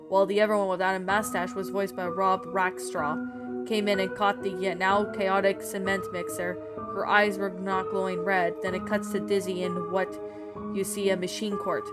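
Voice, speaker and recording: A woman reads a horror story aloud in an ordinary, mid-range voice. She delivers it earnestly, with the occasional stumble, while background music plays throughout. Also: mid-range voice. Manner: earnest reading with frequent stumbles. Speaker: creepypasta narrator.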